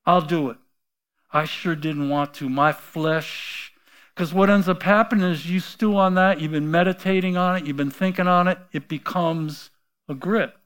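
Storytelling preacher man, swinging loud and quiet. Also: fairly high pitch, steady tone, moderate pace, clear, resonant tone. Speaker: pastor. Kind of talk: sermon.

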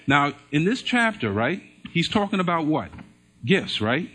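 A man's voice: fairly high pitch, very animated, a little slow, a bit bright. A man preaching to a church congregation in a sermon, drawing them into call-and-response by having them repeat phrases and answer his questions. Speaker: pastor.

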